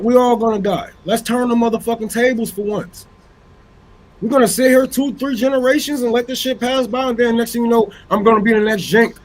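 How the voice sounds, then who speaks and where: A man's voice: extremely high pitch, rough recording. A man giving an impassioned, profane political rant on a panel, repeating phrases for emphasis. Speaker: activist panelist.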